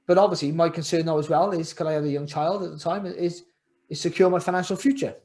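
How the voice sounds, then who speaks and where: Middle-aged man, podcast guest, rambling and reflective, voice a touch high. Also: steady tone, fast, a little mellow. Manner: rambling, repeats words and restarts often, reflective. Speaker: guest, former world champion boxer. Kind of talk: candid podcast interview.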